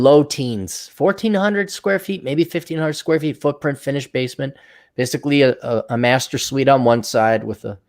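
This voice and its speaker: A man hosting his own show, ranting in a sarcastic, profane, mocking way. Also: medium pitch. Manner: mocking mimicry of others. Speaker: show host. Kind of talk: livestream rant.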